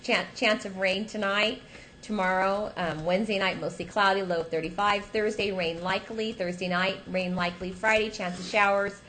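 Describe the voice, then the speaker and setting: A woman's voice: mid-range voice, fairly even intonation, normal speed, a bit bright, slight background noise, low-quality recording. A woman co-hosting a casual local news show, reading a fire report and a weather forecast in a chatty way, with fillers. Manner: chatty, with fillers, teasing her co-host.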